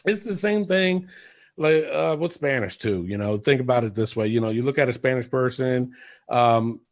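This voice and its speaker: A man's voice: mid-range voice, moderate pace. A man co-hosting a podcast in casual chat, rambling, laughing and swearing freely. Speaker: podcast co-host.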